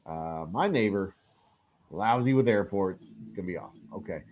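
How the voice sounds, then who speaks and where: A man with a low voice hosts a live strategy-game stream. He rambles, jokes and swears casually as he plays. The sound is dull and lo-fi. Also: expressive, normal speed, slight background noise. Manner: rambling, joking asides, frequent fillers. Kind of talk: casual live gameplay commentary.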